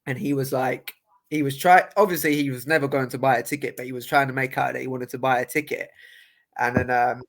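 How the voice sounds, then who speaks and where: A man's voice: mid-range voice, steady tone, brisk, a bit bright. A young man, a boxer telling stories in casual podcast chat, laughing often and restarting his sentences. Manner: laughing, storytelling with many restarts.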